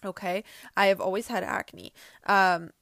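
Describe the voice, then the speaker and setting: In a studio-quality, dry recording, a woman with a steady, unhurried, mid-range voice and a fairly bright tone chats earnestly to camera about self-love and healing. She's a spiritual wellness vlogger who speaks directly to her viewers and keeps repeating her points.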